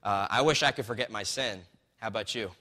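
Bright-voiced man preaching in a reverberant hall. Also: fairly low pitch, brisk. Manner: conversational, storytelling preaching. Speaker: pastor. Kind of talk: sermon. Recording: long reverb of a large hall.

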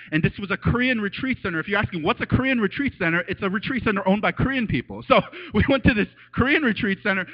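A man preaching a casual, animated sermon as a pastor, telling stories and acting out voices with laughs. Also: high-pitched. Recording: dull lo-fi sound.

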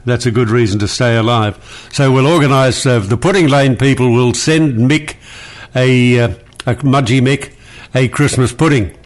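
Older talkback host, firm, reassuring, a little gruff. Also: male voice, medium pitch, moderate pace. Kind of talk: talkback radio chat.

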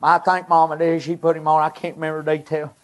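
A man, preaching a personal testimony in earnest, halting, short emotional phrases. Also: on the high side, monotone.

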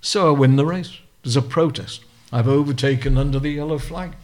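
An older man with a Lancashire accent spins racing anecdotes with a storyteller's relish, acting out the voices of the people he quotes. His voice sits at a middle pitch for a man. He speaks as a guest in an interview. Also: brisk. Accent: Lancashire English. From Lancashire, England. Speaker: guest, retired racing driver.

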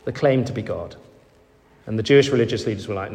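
A man's voice: lowish voice, quick pace, darkish tone. A man, a vicar, preaching a sermon in a church and acting out the voices of people in the story. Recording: long echoey church reverb.

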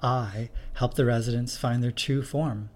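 A man reading the part of a mysterious, otherworldly woman who speaks in a calm, matter-of-fact way. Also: mid-range voice, unhurried, lightly acted.

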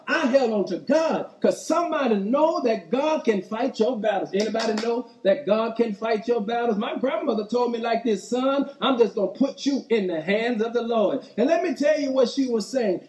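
A man's voice: very high-pitched, a little mellow, roomy sound, rough recording. A man a sermon with call-and-response, repeating key lines for emphasis. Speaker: pastor.

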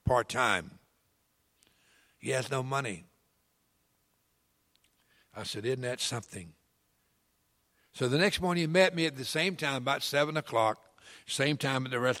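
An older man with a drawl preaches in a folksy storytelling way, his voice swelling into loud, pleading emphasis. The sound carries a long reverb, as in a church hall. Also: mid-range voice. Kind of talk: sermon with personal story.

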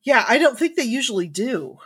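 A woman co-hosting a casual podcast chat, talking in a thoughtful, measured way with some hedging. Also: on the high side, big pitch swings, husky, no echo. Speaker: podcast co-host.

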